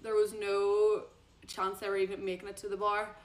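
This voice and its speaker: A young Irish woman telling a gossipy story while getting ready, chatty and animated, recorded on a phone at home. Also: moderate pace. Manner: chatty, animated gossip with big pitch swings. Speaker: vlogger. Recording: echoey room.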